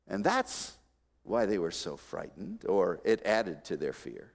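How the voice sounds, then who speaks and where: A man preaching a sermon as pastor to his congregation, with expressive delivery that moves from soft asides to loud emphatic peaks and dry humorous remarks. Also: low voice, unhurried, creaky. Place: church sanctuary. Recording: long reverb of a large hall.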